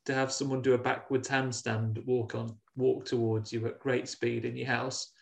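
A man's voice: medium pitch, level tone, normal speed, vocal fry. A man, co-hosting a casual podcast chat, recapping a film with laughter and acted-out lines. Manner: laughing, swearing, acts out characters' lines. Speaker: podcast co-host.

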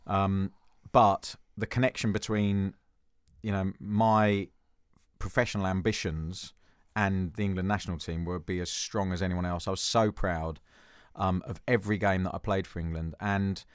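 In this reflective interview, a Jersey man in his fifties who used to play football speaks with a low, clear, resonant voice at normal speed and fairly even intonation. He restarts now and then and pokes dry fun at himself. There is no room sound.

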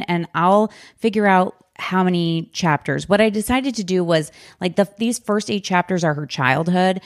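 A woman hosting a podcast in casual, chatty conversation, animated and full of fillers. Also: fairly low pitch, dry recording, clean studio sound. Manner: chatty, animated, heavy use of "like". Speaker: podcast host.

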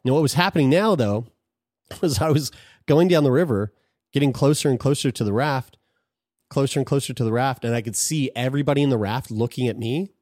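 A man's voice: medium pitch, a little fast, a little mellow, no echo, studio quality. A man telling a personal story in casual conversation, frank and profane, often restarting his sentences.

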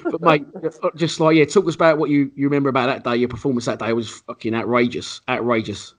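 A man's voice: medium pitch, flat delivery, fast talker. A man hosting a casual chat, chummy and laughing, swearing now and then.

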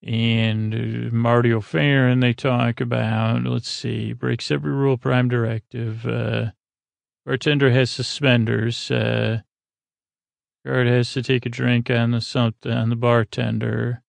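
A man's voice: mid-range voice, little pitch movement, measured pace, creaky, dry recording. A man hosting a podcast, recapping an episode in a meandering, sleepy ramble full of uh fillers. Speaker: podcast host.

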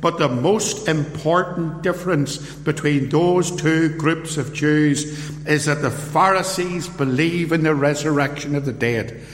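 Male preacher, slow deliberate delivery, sermon, roomy reverberant hall. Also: a little high. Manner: slow, deliberate storytelling with acted-out quotes.

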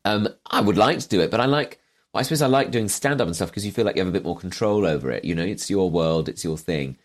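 A man's voice: deep voice, expressive, fast. A man, a comedian guest, chatting casually with dry jokes. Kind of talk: casual chat.

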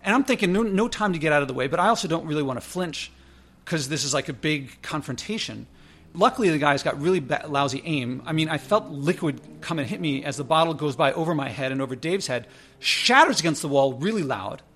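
Man, casual storyteller, somewhat high voice, chatty with fillers and restarts. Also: brisk. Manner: conversational, many "like" fillers and self-corrections; lively, pitch jumps when quoting others. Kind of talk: casual spoken anecdote.

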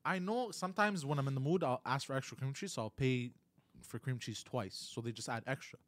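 A man's voice: mid-range voice, fairly quick, a bit bright, no room sound. A man on a casual podcast, telling a story at length and peppering it with "you know" and "bro". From Montreal area.

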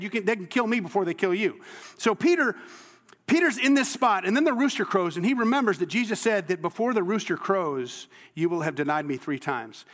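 A man's voice: high voice, a bit bright, long reverb tail. A man preaching a sermon as a pastor, talking in a conversational, earnest way with frequent restarts and sudden emphatic bursts.

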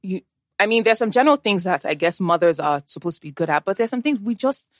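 A woman talking casually about her home life, lively and expressive, slipping into other voices for quotes. The sound is close and dry. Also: medium pitch, quick pace, no room sound. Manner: animated storyteller, acts out quotes. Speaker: guest; mother. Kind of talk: casual chat.

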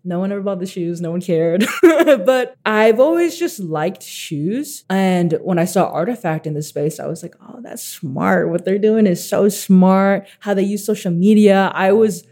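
An eighteen-year-old man telling stories as a guest, animated, laughing often and acting out what others said. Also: high-pitched, unhurried, hardly any pauses. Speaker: guest artist. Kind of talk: casual storytelling.

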